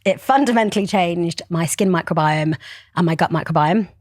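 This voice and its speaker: A woman's voice: lowish voice, moderate pace, darkish tone, dry recording, clean studio sound. A woman, a brand founder speaking passionately and articulately as a podcast guest. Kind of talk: podcast interview.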